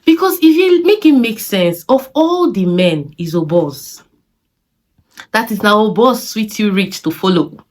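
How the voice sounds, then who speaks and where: A young woman with a Nigerian accent reviewing a series in casual, opinionated talk, animated and exasperated, firing off rhetorical questions and slipping into Pidgin phrases. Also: mid-range voice, a little slow.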